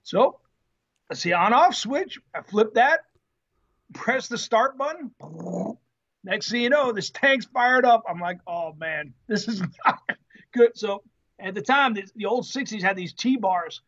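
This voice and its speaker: A former Marine telling an animated story in an interview, acting out the quotes with salty language. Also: male voice, very high-pitched, a little slow, pauses often, highs cut off. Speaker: guest, former Marine tank driver.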